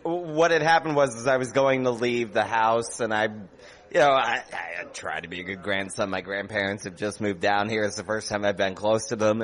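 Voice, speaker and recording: A man's voice: fairly low pitch, steady tone, normal speed, a bit bright. A man, a stand-up comedian, telling a rambling family story in casual after-show chat, laughing as he goes.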